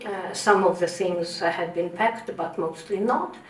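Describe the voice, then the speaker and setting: Russian lady in her 60s telling her story, lots of uh's, sounds far from the mic in an echoey room. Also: lowish voice. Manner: earnest, halting, frequent hesitations. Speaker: devotee sharing testimony. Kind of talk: personal testimony. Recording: roomy, distant mic.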